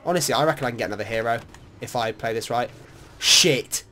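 A young man talks through an online shooter match in easy, unscripted commentary. He is excitable and swears freely, mixing frustration with laughing banter aimed at his teammate. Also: mid-range voice, fast, a little hiss or hum. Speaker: gamer. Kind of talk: casual gaming commentary.

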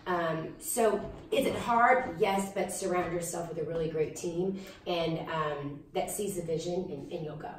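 A woman's voice: on the low side, measured pace, slight background noise. A young adult woman, a singer-songwriter, chatting casually in an interview with lots of fillers. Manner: chatty, animated, frequent fillers. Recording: roomy, distant mic with faint ambience.

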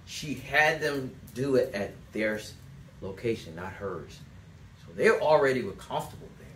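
Animated man coaching sales, echoey room. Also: medium pitch, normal speed. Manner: animated storyteller, acts out quotes, loose rambling phrasing. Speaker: sales trainer. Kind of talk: sales coaching talk to a small group. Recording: echoey room, mic at a distance, faint background noise.

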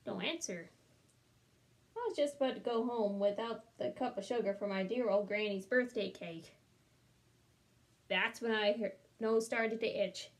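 A woman reading a storybook aloud as a smooth-talking male wolf, chatty and wry in tone. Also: mid-range voice, measured pace, pauses often, natural voice. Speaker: storybook reader. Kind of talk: children's read-aloud.

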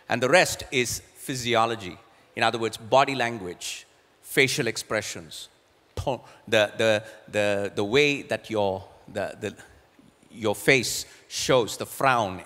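A man's voice: medium pitch, fairly bright tone. A middle-aged man preaching as a pastor, earnest, sometimes repeating words as he searches for a phrase. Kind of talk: sermon. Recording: long hall reverb.

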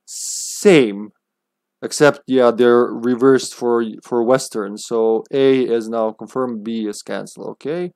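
A man's voice: medium pitch, measured pace, a little mellow, no room sound. A man streaming a video game live, chatting casually and laughing often, swearing now and then.

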